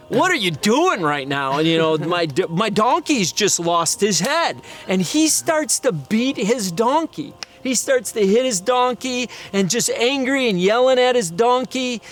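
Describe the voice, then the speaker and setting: A middle-aged man preaching to a congregation, animated and full of expression. He acts out the people in his story by pushing his voice higher. His voice sits a little high, and faint music plays behind him. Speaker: pastor. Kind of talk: sermon storytelling.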